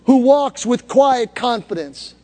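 A man's voice: extremely high pitch, animated, slow pace, dark tone, in a large hall. A man preaching to a congregation, telling a story conversationally and building to calls for them to repeat after him. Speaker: pastor. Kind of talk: sermon. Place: church hall before a congregation.

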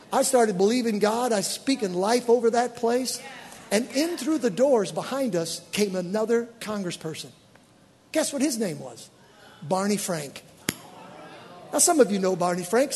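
High-voiced animated preacher man in a hall. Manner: animated, exclaiming storyteller with bursts of excitement. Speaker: pastor. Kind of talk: sermon storytelling. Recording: church hall reverb.

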